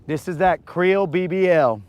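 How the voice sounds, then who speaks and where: A man's voice: high-pitched, unhurried, darkish tone, clean tone, dry recording. A man hosting a live fishing vlog outdoors on a lake, with playful, hyped banter full of Spanish slang. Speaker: angler, channel host.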